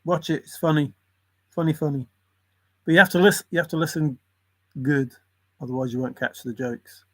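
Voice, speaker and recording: A man's voice: a little high, moderate pace, bright, forceful tone. A man in a casual, rambling monologue, musing in a conspiratorial tone and often chuckling. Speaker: channel host.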